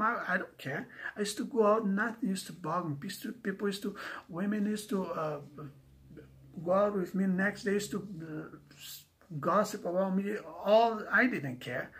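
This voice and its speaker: A man rants in an angry, profane monologue. His voice sits a touch high and has a gravelly fry. He stops and restarts his sentences as he goes. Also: a bit bright. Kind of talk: ranting monologue.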